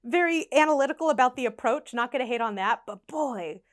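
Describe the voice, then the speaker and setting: A young woman with a high, bright voice tells a dating story straight to her audience. She is animated and laughs often, and she jumps up in pitch when she acts out the people in her story. The talk is loose and chatty, full of "like" and asides. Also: a little fast. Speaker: vlogger telling stories. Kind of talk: casual storytime.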